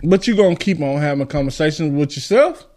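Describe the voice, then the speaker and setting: A man on a casual chat podcast, full of crude jokes and ribbing. His voice sits high and swings up and down as he teases the others. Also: animated, brisk, a little mellow. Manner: crude, teasing banter. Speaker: podcast co-host.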